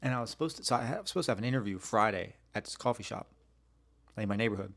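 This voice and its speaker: A man rambles through stories on his solo podcast in a lowish voice. He talks in loose, slangy runs full of swearing and filler. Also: expressive, rapid-fire, gravelly, a bit bright. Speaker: podcast host. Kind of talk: casual solo podcast rant.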